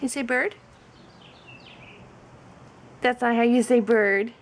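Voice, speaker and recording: A woman's voice: fairly high pitch, slow pace, long pauses. A mother using coaxing, sing-song baby talk, asking her small child question after question.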